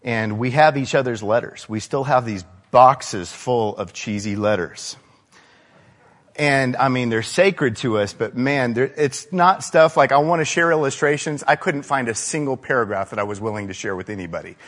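A man preaching a sermon in a large church hall, his voice trailing off in a long reverb. He talks casually and tells stories, asking the listeners questions as he goes. His pitch sits in the middle range for a man. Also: moderate pace, a bit bright. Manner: conversational, storytelling, with frequent rhetorical questions. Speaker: pastor.

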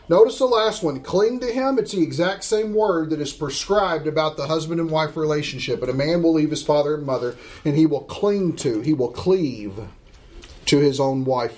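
A middle-aged man teaching a Bible class, emphatic and slowing down to stress scripture as he asks the class questions. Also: a little high, a little mellow.

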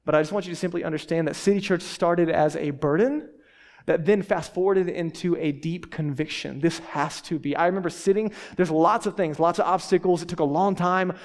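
Brief: male pastor in his thirties from Texas, fast, animated preacher with a slightly raised pitch. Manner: fast talking, animated storytelling. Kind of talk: sermon.

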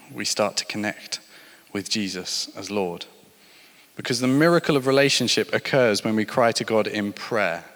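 A man's voice: mid-range voice, a bit bright. A man preaching a sermon, telling stories and building to emphatic points. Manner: storytelling, rising and falling with emphasis. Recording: long hall reverb.

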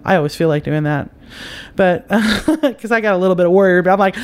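A woman's voice: lowish voice, lively intonation, fairly quick, a little mellow. Chatty woman giving spiritual advice. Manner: chatty, repetitive, calls listener honey. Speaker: podcast advice host.

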